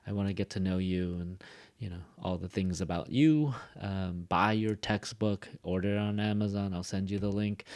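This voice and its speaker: Male ESL teacher, lowish voice, loose fast delivery, repeats drill sentences. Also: a little mellow. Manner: casual, fast-talking, drills example sentences with stress. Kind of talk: recorded online lesson.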